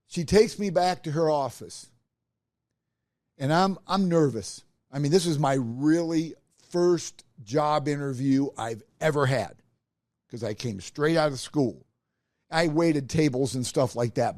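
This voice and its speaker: A man's voice: fairly high pitch, no echo, clean studio sound. A middle-aged man, a podcast host, telling a personal career story and acting out the voices of the people in it. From Nebraska. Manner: animated, acts out quoted voices.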